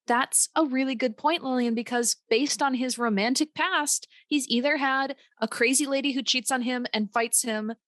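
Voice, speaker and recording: A woman's voice: sits high, normal speed, hardly any pauses, fairly bright tone, no room sound. A woman co-hosting a podcast in casual chat, talking in a gushing, enthusiastic way. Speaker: podcast co-host.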